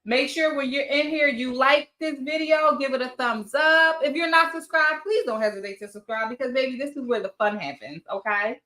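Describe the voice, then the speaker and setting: A woman's voice: sits high, moderate pace, few pauses, bright, forceful tone, roomy sound. A woman hosting a casual livestream, greeting viewers by name and chatting loosely, sometimes swearing. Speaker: livestream host. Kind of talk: casual live chat.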